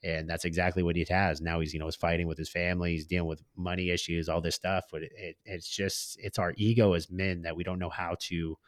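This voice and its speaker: Deep-voiced man telling stories casually. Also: level tone, a little fast, hardly any pauses, no echo, studio quality. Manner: slangy and candid, acts out quoted dialogue. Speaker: podcast guest, business owner. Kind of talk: casual storytelling in conversation.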